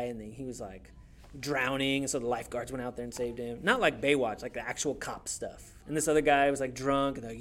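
A young man preaching a sermon in a church, conversational and animated, acting out quotes as he goes. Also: medium pitch. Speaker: youth pastor.

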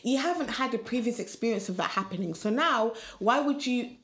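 A woman in her twenties co-hosting a podcast, talking in an expressive, emphatic and dramatic way. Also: on the high side, a little fast. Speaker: podcast co-host. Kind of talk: casual chat. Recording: echoey room.

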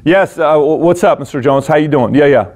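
A man's voice: a little high, fairly quick, a little mellow, lightly acted. A man mimicking a distracted, dismissive male customer service rep who hurries through a call and brushes off the caller.

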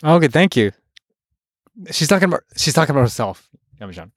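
A man's voice: a little high, big pitch swings, quick pace, no room sound, clean studio sound. A man hosting a casual podcast, teasing his co-host and explaining things at length. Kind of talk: casual chat. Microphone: studio mic with monitor headphones.

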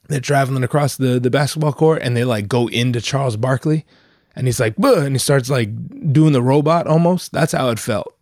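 Alone at the mic with headphones on, a young male host rambles casually about whatever comes up, cursing and teasing himself while nasal from being ill. The voice is mid-range and slightly mellow, and the studio recording is clean without echo.

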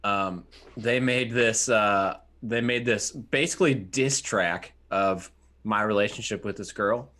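A man's voice: lowish voice, measured pace, pushed and bright. A man co-hosting a film podcast, joking with friends and telling stories in casual chat. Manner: joking, laughs often, storytelling. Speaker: podcast co-host.

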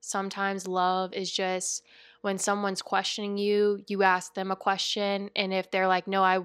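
A woman's voice: mid-range voice, monotone, a little slow, fairly bright tone, smooth, no room sound. A woman hosting a spiritual coaching podcast, talking in an earnest, chatty and rambling way with frequent asides. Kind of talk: casual spiritual podcast monologue.

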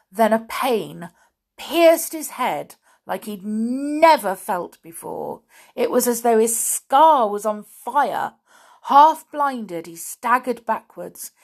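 Woman reading a kids book slow, lowish voice, dramatic. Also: breathy edge. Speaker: audiobook reader. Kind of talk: storybook narration.

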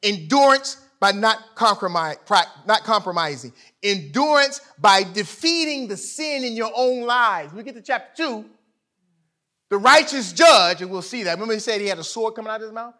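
Male preacher, high bright voice, emphatic sermon delivery with big dynamic swings. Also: expressive, normal speed. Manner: emphatic, swings from loud to quiet; conversational, illustrates with sports stories.

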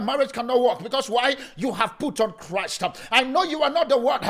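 A man preaching as pastor, emphatic, with sing-song phrasing, at times dropping into slow, hushed lines. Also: extremely high pitch, lively intonation. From Africa. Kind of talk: sermon.

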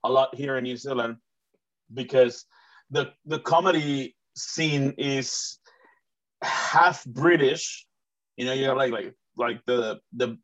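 A man from Mexico hosts a casual interview show. He talks in long, excited runs, with lots of restarts. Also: medium pitch, slow pace. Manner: rambling, many fillers and restarts, enthusiastic. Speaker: host and comedian. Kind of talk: casual chat. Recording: dull, muffled recording.

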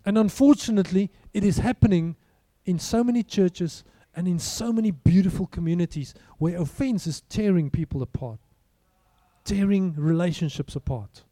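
High, mellow-voiced preacher. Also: male voice, normal speed, no room sound. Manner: conversational preaching, rhetorical questions. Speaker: pastor. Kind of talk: sermon.

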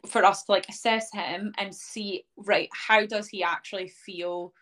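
Unhurried and fairly bright, this young woman's mid-range voice keeps a fairly even intonation. As an interview guest and dog owner, she tells her story chattily, sprinkling in "um" and "like" and acting out what others told her.

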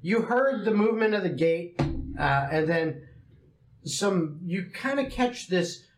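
A man narrating as game master in a casual, halting way, recorded in an echoey room with faint noise. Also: high voice, animated.

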